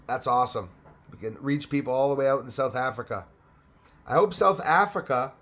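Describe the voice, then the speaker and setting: A man's voice: on the high side, fairly bright tone. A middle-aged man from Canada hosting a casual live stream, greeting viewers by name and sometimes switching into French.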